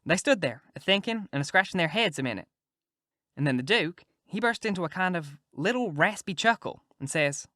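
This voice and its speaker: A man's voice: sits high, expressive, a little fast, bright, forceful tone, dry recording. A male audiobook narrator reading a first-person story in a folksy way, close to the mic.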